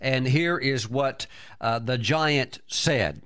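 A man's voice: medium pitch, takes it slowly, a bit bright, clean tone. A man preaching a sermon, emphatic, breaking into exclamations of praise and often repeating and restarting his words.

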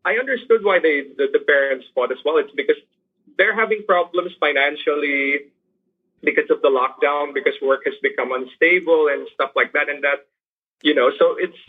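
A man speaks in earnest, halting sentences, restarting often as he searches for words. His voice sits a little high and comes through slightly husky. The sound is thin and tinny, as if over a phone line. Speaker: teacher working with poor youth. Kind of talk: interview over a remote line. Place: lives in Manila.

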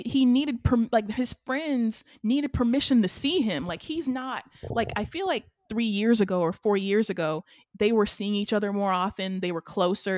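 A woman, co-hosting a casual anime recap chat and retelling scenes with excited, animated energy. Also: on the high side, no room sound, clean studio sound. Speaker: podcast co-host.

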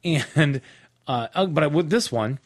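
A man's voice: a little high, expressive, measured pace, dry recording. A man co-hosting a podcast, chatting casually about a board wargame, laughing often and reading rules off cards. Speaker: podcast co-host.

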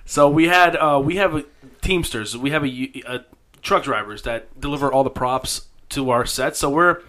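A man co-hosting a casual podcast, trading quick teasing banter and laughing easily. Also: medium pitch, fairly bright tone. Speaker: podcast co-host. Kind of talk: casual chat.

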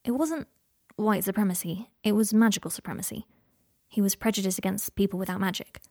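A woman voicing a caring, steady young man who talks quietly and gently in a read-aloud story. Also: medium pitch, brisk, no room sound, studio quality, natural voice.

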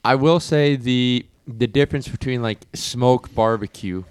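A man chatting easily on a podcast, often slipping into the voices of people he quotes. His voice is smooth and resonant at a middle pitch. The sound is dry and close. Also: measured pace, no room sound. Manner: relaxed, acts out quoted dialogue. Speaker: podcast co-host. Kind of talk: casual chat.

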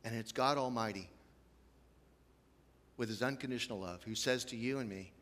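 A man's voice: mid-range voice, normal speed, long pauses, a bit bright, big-room sound. A man preaching a conversational sermon as a pastor, chatty and self-deprecating, with many "you know" asides.

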